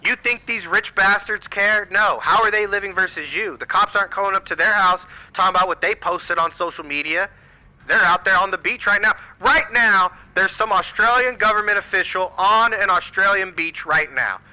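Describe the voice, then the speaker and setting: A man's voice: high-pitched, moderate pace, sharp tone, poor audio. An American man giving a heated, profane political rant to camera, firing off rhetorical questions. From United States. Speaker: channel host.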